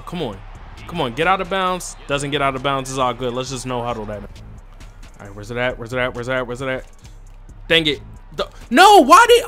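A man talking through his football video game in casual gameplay commentary, muttering to himself and then yelling when plays go right or wrong. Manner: talks to himself, swings from low muttering to excited yelling. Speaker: gaming channel host.

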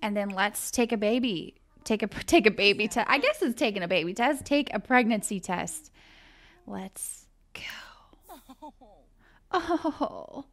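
A woman's voice: medium pitch, expressive, a little slow, fairly bright tone. A young woman hosting a casual let's-play, chatting animatedly with her viewers while she plays. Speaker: gaming channel host.

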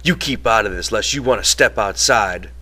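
A man's voice: on the low side, moderate pace, pushed and bright. A man reading an audiobook and voicing a small, cocky, hot-tempered young brawler who snaps belligerently. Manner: belligerent, snapping.

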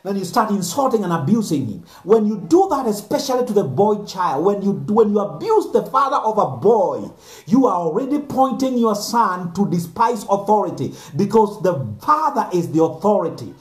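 A man's voice: high voice, sing-song, moderate pace. A man, a pastor giving an earnest sermon message, repeating phrases for emphasis. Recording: echoey room.

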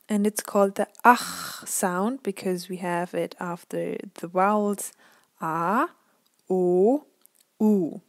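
Woman, teacher, very slow and deliberate, dry close sound. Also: medium pitch, dry recording. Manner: slow, careful, with repeated examples. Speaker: language teacher. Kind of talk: pronunciation lesson.

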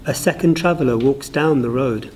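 A man on school staff telling a parable in short, deliberate phrases with long pauses. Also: mid-range voice, a little mellow, slight background noise. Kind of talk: storytelling parable.

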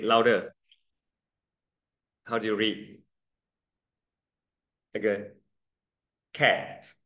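A man's voice: mid-range voice, fairly bright tone, muffled recording. A man teaching English pronunciation to a class, patiently drilling vowel sounds and calling on students. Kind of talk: classroom lesson.

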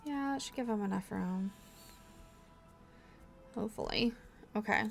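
A woman's voice: medium pitch, unhurried, vocal fry, faint music behind. A young woman hosting a let's play, giving casual gameplay commentary in a chatty, encouraging way as she thinks aloud.

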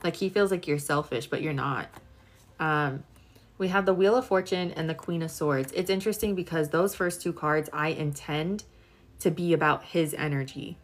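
A woman's voice: low voice, normal speed. A young woman in her twenties doing a casual live-stream tarot reading, chatty and full of filler words while she talks to viewers. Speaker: tarot reader.

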